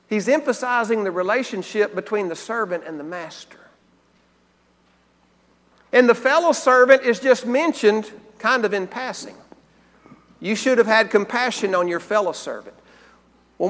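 A man preaching a sermon, earnest, slowing down and repeating key phrases for emphasis. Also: very high-pitched, fairly bright tone, big-room sound.

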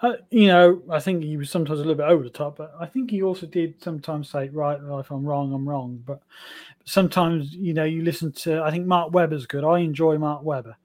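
An enthusiastic man guesting on a podcast, his voice sitting a touch high for a man. He talks in a loose, rambling way, full of "um" and "you know", running one thought into the next. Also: fast, darkish tone. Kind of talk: casual chat.

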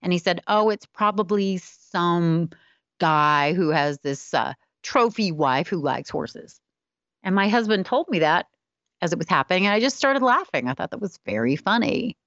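A woman's voice: on the low side, expressive, normal speed, a bit bright, no echo, dull audio. A middle-aged woman, a spiritual wellness teacher, telling a personal story candidly and often laughing at herself.

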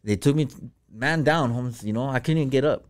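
A man's voice: mid-range voice, a little fast. A man telling a personal story as a podcast guest, in slangy, profane casual talk full of fillers.

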